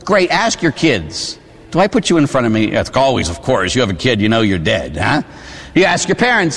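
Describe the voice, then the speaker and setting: A priest in his forties from Pittsburgh, preaching a sermon with animated storytelling and asides to the congregation. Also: medium pitch, normal speed, in a large hall. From Pittsburgh, USA. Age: 40s. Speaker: Catholic priest. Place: church.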